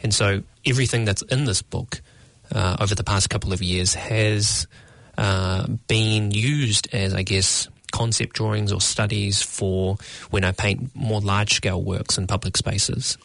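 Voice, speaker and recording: A young man, answering interview questions about his art in a measured, thoughtful way, often searching for words. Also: fairly low pitch, fairly even intonation, vocal fry, fairly bright tone, no echo. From New Zealand. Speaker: guest artist.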